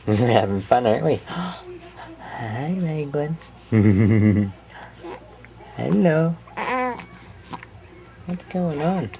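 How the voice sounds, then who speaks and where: A woman coos to a baby in a lively, sing-song baby talk, laughing often. Her voice sits very low and mellow. She speaks very slowly and gently.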